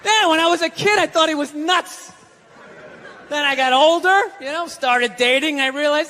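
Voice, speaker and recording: Middle-aged male stand-up; punchy sardonic rants, high and bright. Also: moderate pace, a faint crowd, slight background noise. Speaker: stand-up comedian. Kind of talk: stand-up comedy.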